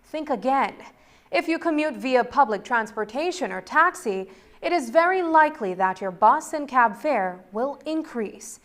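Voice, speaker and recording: A woman reporter giving scripted news narration in a measured, crisp delivery. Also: sits high, lively intonation.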